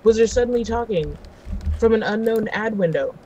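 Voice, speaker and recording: A woman from California chatting casually while playing a video game, excitable and quick to gasp and laugh. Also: fairly high pitch, dull audio, a little hiss or hum. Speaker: co-host of a gaming series. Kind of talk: casual let's-play chat.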